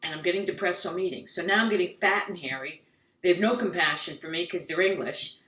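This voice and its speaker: An American woman doing a stand-up comedy monologue, quick and jokey, slipping into little voiced asides. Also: lowish voice, fairly bright tone, roomy sound, far from the mic, low-quality recording. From United States.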